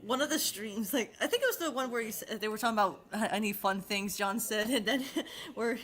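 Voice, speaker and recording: A woman's voice: on the high side, animated, fast, a bit bright. Woman host just chatting, giggles a lot, rambles, swears casually. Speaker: channel host. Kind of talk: casual chat.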